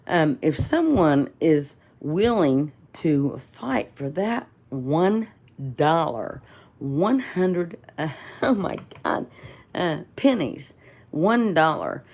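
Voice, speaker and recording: A woman's voice: lowish voice, big pitch swings, a little slow, vocal fry, a little mellow. A woman telling a rambling, indignant story in a casual vlog, full of fillers and restarts. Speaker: vlogger.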